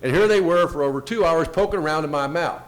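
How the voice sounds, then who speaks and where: A man giving a first-person storytelling talk, retelling events with quoted dialogue and lively shifts in pitch and loudness. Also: fast. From United States. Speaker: invited speaker.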